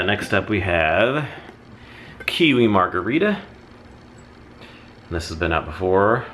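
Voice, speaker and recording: Low-voiced man chatting about candles. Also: fairly bright tone, a little hiss or hum. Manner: chatty, rambling, with self-corrections. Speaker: candle haul vlogger. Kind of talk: casual product review.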